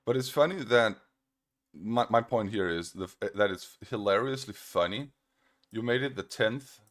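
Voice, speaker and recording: A man's voice: fairly low pitch, normal speed, fairly bright tone. A man from Australia, recording a casual commentary video where he answers a critic in a sarcastic, mocking tone and repeats his points. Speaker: online video creator responding to a critic.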